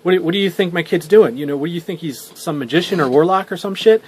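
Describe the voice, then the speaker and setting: Casting: a man playing a furious father, accusing and foul-mouthed, his voice pushed a bit higher and louder than normal. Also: animated, fast. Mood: angry, accusing. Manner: accusing, swearing. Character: angry shouting father, hostile and profane.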